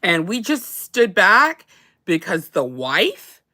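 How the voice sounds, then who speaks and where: Bright-voiced woman telling a rambling story. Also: mid-range voice, big pitch swings, slow. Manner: rambling with many restarts and laughs. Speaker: co-host. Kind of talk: casual chat.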